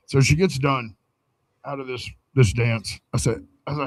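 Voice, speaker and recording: Profane, animated man telling a story. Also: mid-range voice, measured pace, pauses often, poor audio. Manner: profane, animated storyteller acting out quoted dialogue. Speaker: podcast co-host telling a story. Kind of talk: casual storytelling chat.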